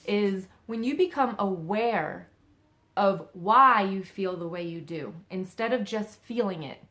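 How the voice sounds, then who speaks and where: Speaking unhurriedly with lively intonation and a fairly bright mid-range voice, a young adult woman working as a psychic medium offers relaxed spiritual advice. Her talk is loose and chatty, peppered with fillers and repeated "okay?" checks.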